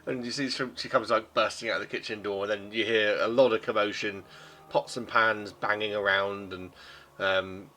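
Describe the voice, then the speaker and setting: A man's voice: lowish voice, steady tone, normal speed, bright, forceful tone, a little hiss or hum. A man narrating as game master and voicing the innkeeper, rambling and full of ums. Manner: rambling, many ums and restarts.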